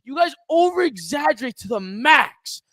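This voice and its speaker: A young man with a strikingly high voice co-hosts a casual sports chat, teasing and ranting in animated bursts. The sound is dry and close, with no room around it. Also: moderate pace, no echo. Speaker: co-host. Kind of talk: casual sports podcast banter.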